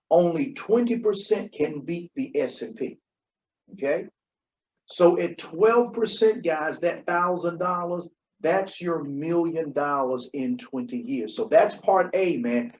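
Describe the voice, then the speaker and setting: A man's voice: fairly high pitch, unhurried, a little mellow. A man co-hosting a podcast, giving emphatic financial advice in a conversational way and often checking in with "Okay?". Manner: emphatic, repeats key points, asks "Okay?". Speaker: podcast co-host. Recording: dull lo-fi recording.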